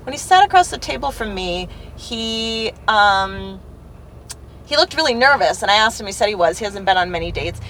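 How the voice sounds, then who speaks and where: A woman's voice: mid-range voice, expressive, moderate pace, a bit bright. Chatty woman podcasting from a noisy car. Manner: chatty, swears freely, many fillers. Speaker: podcast co-host. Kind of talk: casual chat, telling a dating story. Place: inside a moving car. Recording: road noise from a car.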